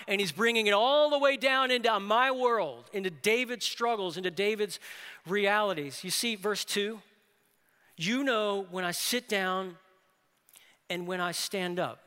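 A man preaching a sermon as pastor, earnest, often closing a point with a quick "right?". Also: high voice, sharp tone, in a large hall.

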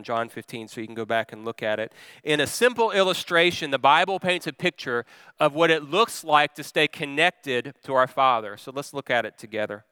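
A middle-aged man, a pastor, preaching a sermon and telling a personal story in an expressive way that swings from calm to loud. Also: mid-range voice, clear, resonant tone, dry recording.

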